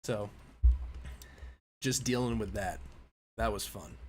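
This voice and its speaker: A man's voice: on the low side, slow, darkish tone, slight background noise. A young man in his twenties, slightly nasal and stuffy from a cold, chatting casually and a little distractedly while hosting a live stream. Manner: rambling, distracted while fixing stream settings. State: stuffy nose after a cold. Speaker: livestream host. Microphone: mic in view at a desk.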